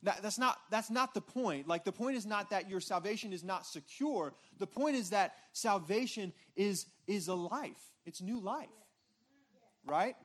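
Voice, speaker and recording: Pastor, male, high voice, informal conversational sermon delivery, lots of restarts and check-ins with the room. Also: lively intonation, measured pace, fairly bright tone. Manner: informal, repeats words and restarts, frequent "right?" checks with congregation. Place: church stage before a responding congregation.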